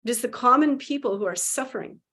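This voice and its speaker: A woman voicing a calm regal spirit queen. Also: a little high, fast talker. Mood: solemn.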